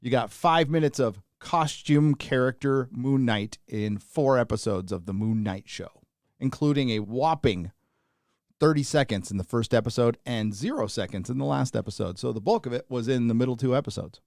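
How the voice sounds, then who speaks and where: A man's voice: medium pitch, normal speed, creaky, a little mellow, no echo, clean studio sound. A tired man hosting a livestream, chatting casually and rambling as he reads out viewer names. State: tired, running on little sleep. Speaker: livestream host.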